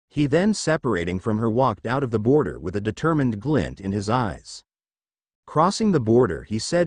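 A man narrating a fan fiction story aloud in a lively storytelling way. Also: medium pitch, normal speed, dry recording.

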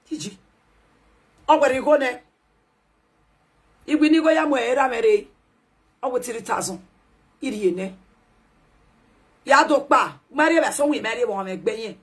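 A Nigerian woman ranting in a loud, animated, scolding way, switching between Pidgin and a local language. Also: mid-range voice, breathy edge. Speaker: social media commentator. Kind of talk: ranting live video commentary.

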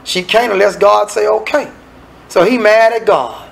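Man, minister, sermon, high gravelly voice, animated. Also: moderate pace, poor audio. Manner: animated, conversational preaching with dramatic asides.

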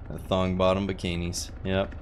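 A man's voice: sits low, background noise. A man streaming a game and chatting casually, rambling and laughing at himself as he plays. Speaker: gaming streamer. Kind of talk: casual gameplay commentary.

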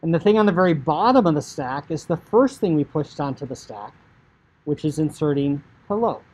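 Casual male coding teacher, breathy tone, chatty screencast narration. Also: a little high, expressive, moderate pace, a little mellow, rough recording. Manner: chatty, filler "like", acts out inner thoughts. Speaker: high school computer science teacher.

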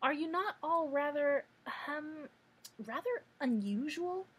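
A woman's voice: high-pitched, lively intonation, slow pace, pitched above the performer's own voice. A woman voicing a pompous, learned giant male insect with a wordy, formal manner in a storybook reading. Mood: polite.

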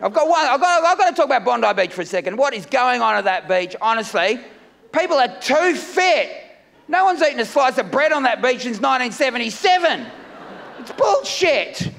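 A middle-aged man from Melbourne with an Australian accent, doing a loud, rambling, self-mocking stand-up routine on a festival stage. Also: very high-pitched, sing-song, a little fast, creaky, in a large hall, a little hiss or hum. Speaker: stand-up comedian. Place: comedy festival stage with live audience.

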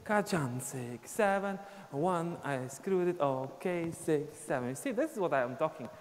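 Animated yet a little slow, a man speaking in a fairly high voice instructs a live online dance class, explaining the steps and counting beats out loud as he moves. He's recording in a dance studio with long reverb and faint ambient noise.

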